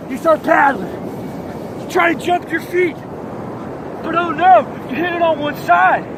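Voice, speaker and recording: A young man from Florida doing a comic surfer-dude monologue, full of slang and shouted sound effects. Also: extremely high pitch, noisy background. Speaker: comic vlogger.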